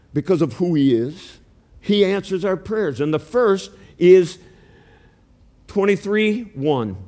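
A man pastor preaching a sermon in a church, earnest and animated, sometimes acting out calls to his flock. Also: high-pitched. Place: church sanctuary.

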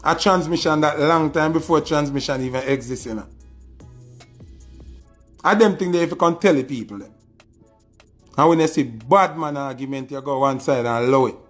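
A man's voice: fairly high pitch, moderate pace, long pauses, faint music behind. A man with a Jamaican accent delivering a scornful, taunting diss rant, repeating his insults. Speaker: social media personality. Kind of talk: ranting diss video.

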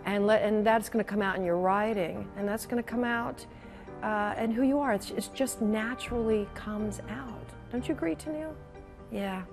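A woman's voice: mid-range voice, normal speed, music in the background. A woman in her sixties, a longtime TV news anchor, telling stories in a reflective, emotional conversational interview and often repeating her phrases. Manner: animated, emotional storyteller who repeats phrases.

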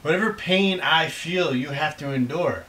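A man's voice: fairly high pitch, normal speed, pushed and bright, poor audio. A middle-aged man from the United States, a father hosting a casual snack-tasting video, who rambles and teases with dry jokes. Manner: rambling, teasing, jokey.

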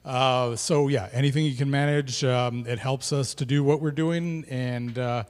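A man's voice: medium pitch, fairly even intonation, moderate pace, few pauses, a little mellow, long reverb tail. A man hosting a live club webcast, introducing the act in a loose, chatty way with many fillers. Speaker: club host introducing the show. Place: jazz club stage.

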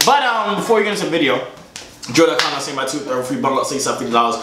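A man's voice: a little high, sing-song, rapid-fire, background noise. Joking young man in an echoey room. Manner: joking, boastful, slangy. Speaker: vlogger. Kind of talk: comedic vlog chat.

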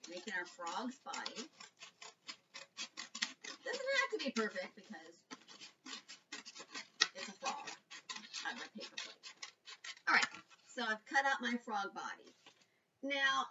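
A woman leading a children's storytime and craft lesson, animated and sing-song, talking directly to small children. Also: a little high, far from the mic, muffled recording, noisy background. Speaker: children's librarian.

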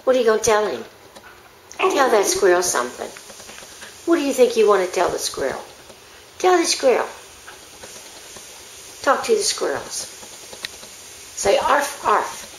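A woman's voice: medium pitch, very animated, measured pace, pauses often, slight background noise. A woman filming her pet dog at home, coaxing it in sing-song baby talk and praising it. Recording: echoey room.

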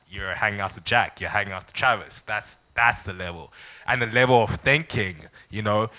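A young man from South Africa spins a personal anecdote for a live audience at a founders' event. His voice is bright and forward, and he slips into quick impressions of the people in his story. He keeps the room with him in a casual, storytelling style. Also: lowish voice. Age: young adult. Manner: lively anecdotal storyteller, acts out quoted people. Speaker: startup founder speaker.

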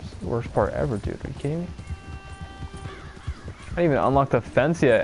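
A man's voice: mid-range voice, lively intonation, fairly quick, a little mellow, faint music behind. A young man from Pennsylvania talking casually and profanely over a video game he is playing, often exasperated and rambling. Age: young adult. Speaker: streamer. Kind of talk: casual gameplay commentary.

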